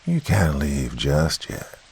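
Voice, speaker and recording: A mocking shadow demon that speaks in a creepy, childish hiss, as a male narrator puts it on. The voice sits extremely low and slow, with a gravelly, husky edge. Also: wildly swooping pitch, a little mellow, exaggerated voice. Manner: whispered, hissing, mocking.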